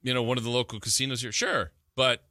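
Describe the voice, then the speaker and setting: A man's voice: mid-range voice, flat delivery, fast, pushed and bright, dry recording, clean studio sound. A man co-hosting a sports radio show in easygoing casual chat. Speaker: radio co-host.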